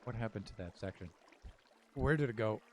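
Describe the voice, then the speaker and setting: Guy streaming a block game, lowish voice, lots of uhs, chill and rambly. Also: brisk, a little hiss or hum. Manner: relaxed, thinking aloud with many fillers. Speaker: Minecraft streamer. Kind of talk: casual building commentary.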